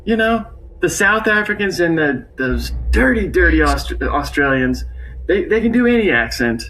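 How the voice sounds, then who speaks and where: A man in a casual podcast chat about a movie, jokey and unhurried, trailing off mid-thought. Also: high-pitched, very animated, a bit bright, a little hiss or hum, poor audio. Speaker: podcast co-host.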